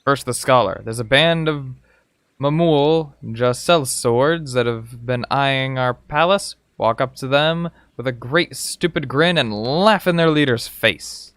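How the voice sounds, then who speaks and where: Guy reading a harsh game drill sergeant, bossy and insulting, middle pitch. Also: slow pace, a bit bright, smooth, dry recording, studio quality. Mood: stern. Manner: barking, insulting commands. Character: gruff harsh male Marine drill sergeant.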